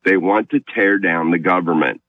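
A man's voice: low-pitched, moderate pace, no room sound. A man calling a radio show, making his point earnestly and insistently. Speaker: caller. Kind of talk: call-in radio conversation. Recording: phone line.

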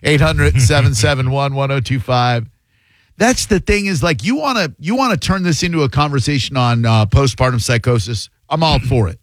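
A man hosting a call-in talk radio show, quick and wry, voicing firm opinions. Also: medium pitch, dry recording. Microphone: studio microphone.

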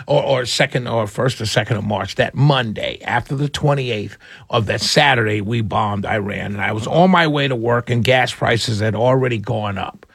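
A man's voice: mid-range voice, vocal fry, fairly bright tone, slightly rough. A man hosting a talk radio show, delivering an emphatic political monologue that repeats his points and fires off rhetorical questions.

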